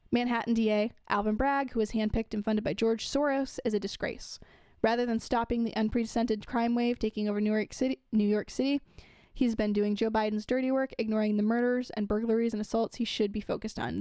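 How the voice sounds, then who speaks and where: A woman's voice: a little high, darkish tone, dry recording. A young woman giving casual commentary, reading news quotes aloud and adding chatty asides with fillers.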